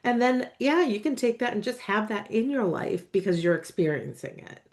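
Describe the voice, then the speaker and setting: A woman's voice: a little high, lively intonation, normal speed, a little mellow. Encouraging woman podcast host. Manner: encouraging, affirming, backchannels often with mm and yeah. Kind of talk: conversational podcast interview.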